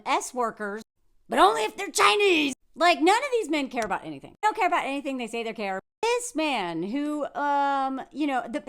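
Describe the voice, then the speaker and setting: Woman, Southern American accent, high voice, sarcastic, mocking, loud-soft swings, political vlog rant. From United States. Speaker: political commentary vlogger. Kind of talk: ranting commentary to camera.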